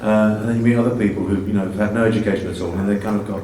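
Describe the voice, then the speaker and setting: An English man in his sixties speaks with a slightly Americanized accent and a lowish voice. He tells stories with self-mocking humor. The recording is roomy and picked up from a distance, with faint ambience. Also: fairly even intonation, rapid-fire, mellow, a little hiss or hum. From England. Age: 60s. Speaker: guest actor. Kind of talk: stage Q&A conversation. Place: festival stage Q&A.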